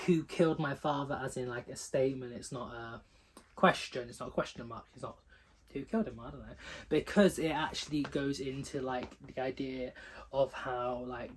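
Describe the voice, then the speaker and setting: A man's voice: medium pitch, husky, poor audio. A man giving casual book reviews, gushing and filling his talk with lots of "like". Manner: gushing, talks with lots of "like" fillers.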